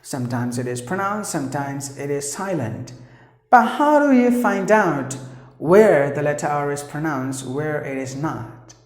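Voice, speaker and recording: A woman teaches pronunciation in an echoey room. She talks slowly in a low voice, repeating each word and explaining with frequent fillers. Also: big pitch swings, darkish tone. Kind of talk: pronunciation lesson.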